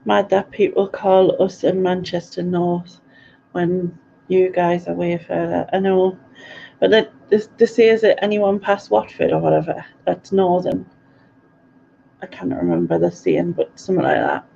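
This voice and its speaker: A woman's voice: fairly low pitch, flat delivery, unhurried, vocal fry, warm tone, lo-fi sound, slight background noise. A middle-aged woman with a Sunderland accent, hosting a live stream in casual chat and reading out viewer comments. She rambles and giggles as she goes. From North East England.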